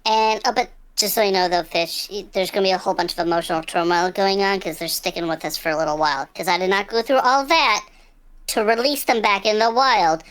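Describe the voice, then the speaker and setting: A woman playing a tabletop game in character, bossy and exasperated in quick banter. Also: a little high, fairly bright tone. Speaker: player. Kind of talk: casual tabletop play, in character.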